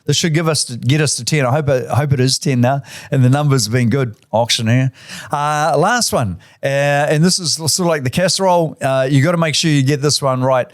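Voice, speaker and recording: A man's voice: medium pitch, brisk, no echo, clean studio sound. A middle-aged man, a real estate boss giving tips in a chatty, enthusiastic way full of fillers. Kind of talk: casual instructional talk.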